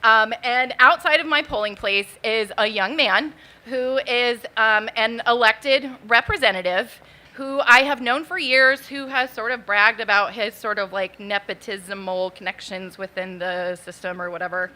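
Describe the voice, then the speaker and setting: A woman in her thirties tells a true story on a bar stage, talking into a mic. She sounds nervous and chatty, and her many fillers keep her casual. Her voice is bright and fairly high. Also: measured pace. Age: 30s. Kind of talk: live spoken storytelling. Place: bar stage at a live event.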